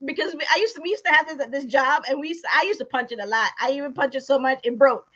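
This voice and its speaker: High bright-voiced woman, lo-fi sound. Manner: laughs often, explains in quick lists. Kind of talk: casual chat. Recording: dull lo-fi sound.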